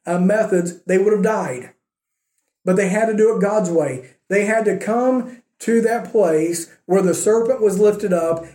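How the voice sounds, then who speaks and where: A male pastor preaching in a sermon, his voice high for a man and mellow in tone. He speaks earnestly and builds with rhetorical questions and repeated phrases, and the sound carries a roomy echo.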